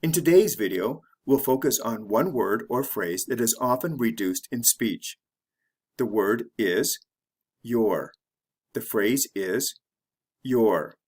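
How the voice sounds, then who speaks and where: A man narrating a scripted English lesson, reading example sentences slowly and deliberately for learners to repeat. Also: mid-range voice, darkish tone, slightly rough. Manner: measured, deliberate, careful pronunciation drills. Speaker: English teacher.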